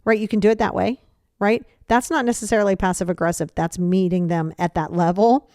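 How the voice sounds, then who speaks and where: A woman hosting a podcast, giving casual advice and acting out example dialogues in quick quoted voices, repeating phrases for emphasis. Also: medium pitch, steady tone, a little mellow, no room sound, studio quality. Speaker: podcast host.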